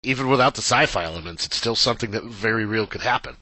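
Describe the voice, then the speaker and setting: Man, podcast co-host, casual chat, measured, bright tone, dry sound. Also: lowish voice, no echo.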